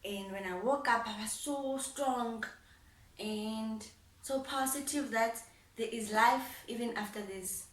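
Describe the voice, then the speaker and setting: A young woman vlogging about her life, animated and laughing as she acts out both sides of past conversations. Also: fairly high pitch, slow, distant mic. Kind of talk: personal storytelling. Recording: roomy echo, voice set back from the mic.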